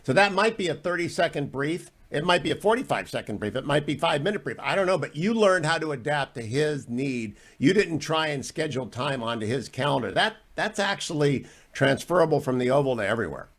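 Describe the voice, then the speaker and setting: A man's voice: a little high, animated, a little fast, hardly any pauses, fairly bright tone. A man hosting a radio talk show, interviewing a guest in an enthusiastic, praising way.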